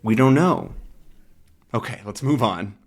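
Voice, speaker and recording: A man's voice: medium pitch, animated, measured pace, husky. A man teaching English to learners, patiently explaining words from a comic. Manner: patient, repeats words and checks with "right?".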